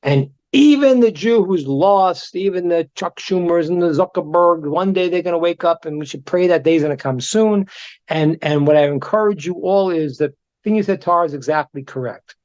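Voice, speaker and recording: A man, a rabbi teaching a class, telling stories in an animated way and often repeating words as he restarts. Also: on the high side, moderate pace. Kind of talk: storytelling lesson. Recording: dull lo-fi recording.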